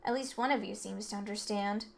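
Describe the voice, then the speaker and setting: A woman's voice: mid-range voice, steady tone, fairly quick, gravelly, natural voice. Snooty rich boy heir, woman reading his lines, looks down on everyone. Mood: haughty. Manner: haughty, condescending. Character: arrogant rich teen boy heir, cold. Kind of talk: reading game dialogue aloud.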